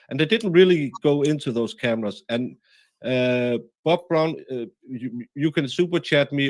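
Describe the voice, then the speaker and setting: A man hosting a casual livestream chat, rambling and halting with many fillers as he reads comments. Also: mid-range voice. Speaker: livestream host.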